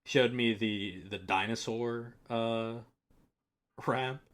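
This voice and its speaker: A man with a middle-pitched voice, talking casually with friends on a podcast. He sounds laid-back and jokes around, swearing now and then. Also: slow pace, a bit bright. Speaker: podcast cohost. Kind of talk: casual chat.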